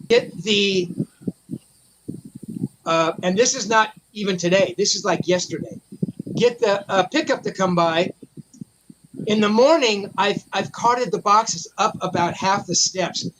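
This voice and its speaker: A man telling a long, profane, animated story in a casual chat. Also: high voice, unhurried, pauses often, noisy background. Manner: profane, animated anecdote teller. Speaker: memorabilia collector guest.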